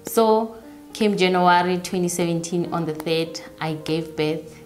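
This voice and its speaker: A young woman recounts her own story in an interview, her voice sitting a little low. She talks in halting bursts, often repeating phrases. Faint music plays underneath. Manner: halting, repeats herself, voices others' words softly. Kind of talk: personal storytelling.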